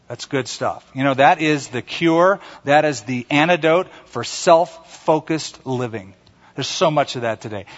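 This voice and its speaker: A pastor with a somewhat high voice preaches at a moderate pace, animated as he acts out quotations. He calls on the congregation to respond and repeat lines after him. The audio is dull and washed in long hall reverb.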